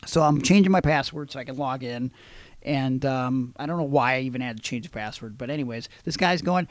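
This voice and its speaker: A man hosting a podcast, telling stories in a casual, animated, profane way. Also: on the high side, brisk, no room sound. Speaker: podcast host. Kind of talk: casual chat.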